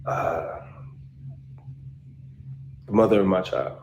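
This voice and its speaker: Evasive client, hesitant, ums and uhs, a man acting it, low voice, echoey room. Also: slow, creaky, darkish tone, slight background noise, exaggerated voice. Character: evasive man meeting his divorce lawyer. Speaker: divorce client in a web skit. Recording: roomy echo.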